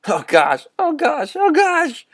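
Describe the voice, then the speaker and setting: A man voicing an excited young boy in a storybook reading, shrieking and gushing with relief. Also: very high voice, takes it slowly, pitched above the performer's own voice, full character voice. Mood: overjoyed.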